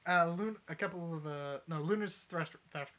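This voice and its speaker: A man's voice: on the high side, normal speed, slight background noise. Rambling, swearing young man retelling a story. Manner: rambling, swears a lot, acts out characters with shouts. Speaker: podcast co-host retelling a fanfic. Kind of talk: casual chat, uncensored storytelling.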